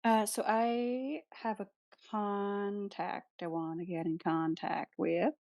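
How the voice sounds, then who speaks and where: A woman's voice: mid-range voice, fairly even intonation, slow, darkish tone, highs cut off. A woman playing a tabletop game, casual and joking. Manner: playful, joking. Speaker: player.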